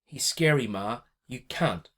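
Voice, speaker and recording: A man's voice: mid-range voice, expressive, unhurried, fairly bright tone. A man doing a tearful, defiant teenage girl. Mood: desperate. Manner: pleading, tearful.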